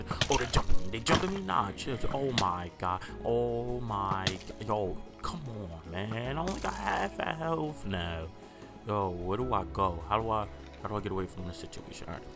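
A young man doing a profane, excitable let's-play commentary, yelping and repeating himself when things go wrong. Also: fairly low pitch. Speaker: gaming YouTuber. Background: background music.

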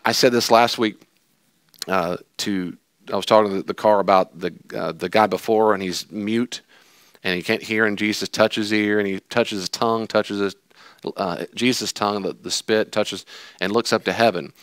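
A male pastor giving a lively sermon, telling stories and acting out voices with jokes. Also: fairly low pitch, dry recording, clean studio sound. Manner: animated, jokey storytelling with acted-out voices.

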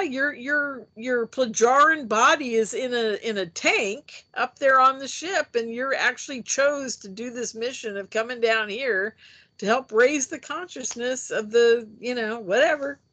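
A woman telling a personal story in a casual interview, animated and chatty, acting out the voices she quotes. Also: fairly high pitch. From United States. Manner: chatty with frequent fillers. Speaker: interview guest, UFO experiencer.

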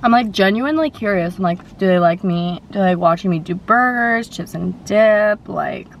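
A young woman in her twenties chats casually to her viewers while eating in a mukbang vlog. Her voice sits at an ordinary middle pitch, upbeat and talkative between bites. A faint background noise hums under the recording. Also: moderate pace. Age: 20s. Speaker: food vlogger.

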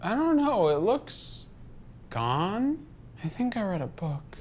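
An actor playing a clueless, self-absorbed young boyfriend in a comedy sketch, talking deadpan and self-pitying. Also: male voice, high voice, slow, slight background noise, full character voice. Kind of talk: scripted comedy sketch acting.

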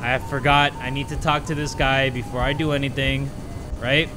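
A young man doing casual horror game commentary, jokey and excitable, sinking to nervous mutters when scared. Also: mid-range voice, moderate pace, music in the background. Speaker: gaming YouTuber.

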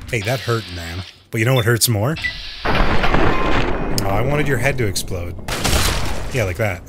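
A man hosting a let's play, giving gameplay commentary full of jokes, swearing and quick reactions. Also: fairly low pitch, heavy background noise.

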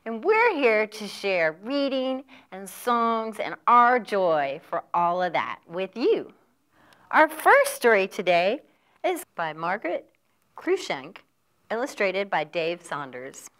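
A woman's voice: mid-range voice, very animated, slow, fairly bright tone. A woman librarian reading a children's picture book aloud in a sing-song storytelling voice. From from the United States. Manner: sing-song storytelling with animal sound effects.

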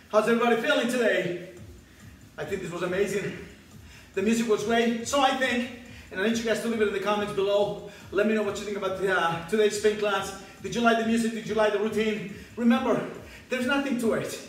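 A man's voice: high voice, a little fast, very echoey, far from the mic, low-quality recording. A man leading a spin class, calling out counts and cheering riders on, a little out of breath. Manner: shouted counts and pep calls over music. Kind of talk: fitness class coaching. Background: loud workout music.

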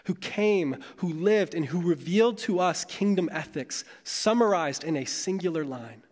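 Pastor with a fairly high voice, dramatic pauses. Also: male voice, lively intonation, a little mellow. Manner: dramatic, measured delivery with long pauses. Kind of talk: sermon. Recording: long hall reverb.

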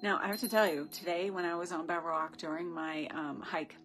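A woman with a lowish voice guides viewers through a ritual over a phone camera. She talks in an effusive, rambling way and breaks into gushing asides. Faint music plays behind her. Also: steady tone, a little fast. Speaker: spiritual ritual leader. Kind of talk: live-streamed ritual guidance.

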